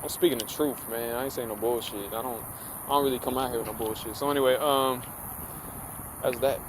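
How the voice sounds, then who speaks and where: A man's voice: medium pitch, fairly even intonation, a little fast, noisy background. A man ranting casually to camera in a vlog, profane, slangy and rambling. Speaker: vlogger.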